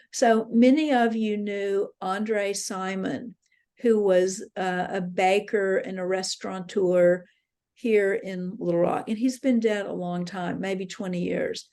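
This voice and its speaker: A woman's voice: medium pitch, darkish tone. A woman leading a dream workshop, telling personal dream stories in an earnest, reflective way. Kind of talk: spoken workshop talk. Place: interfaith center meeting room.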